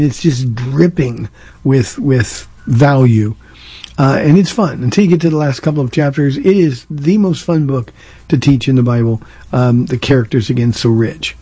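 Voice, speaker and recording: A man's voice: medium pitch, mellow, slightly rough, dry recording, poor audio. A man from Southern California, a pastor hosting a call-in radio show, answering listeners' questions in an earnest, plainspoken way at length.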